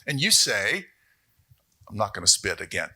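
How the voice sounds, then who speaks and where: Bright-voiced male economics lecturer. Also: lowish voice, normal speed, husky. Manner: animated, jokey asides and rhetorical questions. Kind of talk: university lecture. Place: lecture hall.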